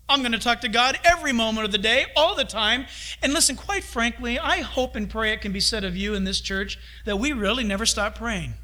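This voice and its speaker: Middle-aged man preaching; high, forceful, bright delivery, animated quotes. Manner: animated, acts out voices of God and his kids. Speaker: pastor. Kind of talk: sermon.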